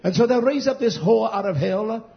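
High-voiced fiery preacher man, lo-fi. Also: animated, moderate pace, vocal fry. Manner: rambling, combative, swings between low muttering and shouting. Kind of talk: fiery sermon. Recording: dull lo-fi recording.

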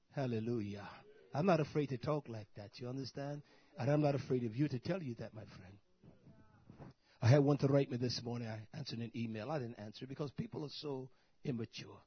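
A man preaching a sermon in an emphatic style, repeating his phrases and moving between quiet talk and loud outbursts. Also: medium pitch, slightly rough, lo-fi sound.

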